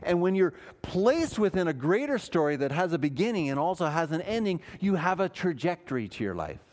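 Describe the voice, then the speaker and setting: A man's voice: sits high, sing-song, brisk, a little mellow. A man, a pastor, preaching a sermon in church, earnest and emphatic, asking his listeners questions.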